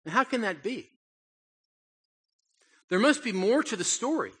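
An older man preaches a Christmas sermon in a bright, slightly raised voice with a husky grain. He tells personal stories and acts out the pleading lines of a frightened child. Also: high voice, big pitch swings, measured pace. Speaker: pastor.

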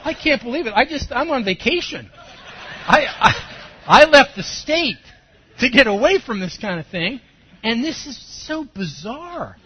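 Husky-voiced pastor telling a story. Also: male voice, very high voice, unhurried. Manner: animated storytelling with sudden loud bursts. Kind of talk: sermon. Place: church service. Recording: dull lo-fi sermon recording.

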